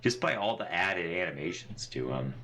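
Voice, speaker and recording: A man's voice: sits low, lively intonation, moderate pace, pushed and bright. A man giving sarcastic, profane, rambling commentary while playing a video game. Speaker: gaming channel host. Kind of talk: let's play commentary. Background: faint game music.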